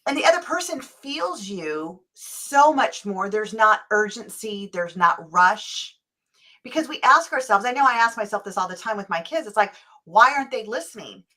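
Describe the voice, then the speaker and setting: A woman's voice: medium pitch, lively intonation, normal speed, pushed and bright. A woman hosting a parenting podcast, talking earnestly and thinking aloud. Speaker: podcast host. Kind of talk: podcast interview.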